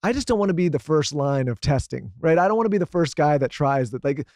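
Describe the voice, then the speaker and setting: A man's voice: fairly high pitch, lively intonation, darkish tone, dry recording, studio quality. A man co-hosting a podcast, talking casually in a rambling way with lots of fillers. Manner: rambling, fast, many fillers. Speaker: podcast co-host.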